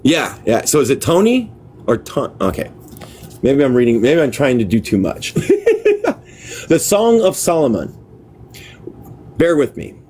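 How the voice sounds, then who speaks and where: A man hosts a livestream and reads a book aloud. He stumbles over words, stops to work them out, and talks offhand to viewers. His voice sits at a middle pitch, with a faint noise behind him. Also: big pitch swings, unhurried, long pauses, a little mellow. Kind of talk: casual live reading with chat asides.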